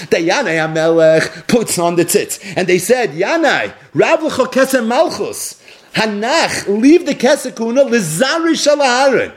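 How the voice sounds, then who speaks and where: A man teaching a Talmud class, explaining the text and retelling its story in an animated way. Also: on the high side. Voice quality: animated, sometimes laughing as he explains.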